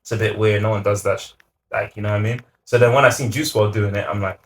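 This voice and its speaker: A young man talks fast in a lowish voice, rattling through casual interview answers. He often lets his sentences fade to a quiet mumble at the end. A soft hiss sits faintly behind him. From Ireland. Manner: rapid, relaxed, trailing off into quiet asides. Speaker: guest singer.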